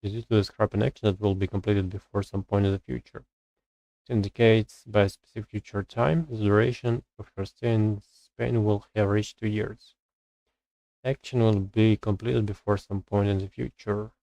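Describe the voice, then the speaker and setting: A man on a live stream working through English grammar exercises, reading rules aloud and thinking out loud with hesitant pauses as he searches for words. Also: on the low side, little pitch movement, dry recording, lo-fi sound.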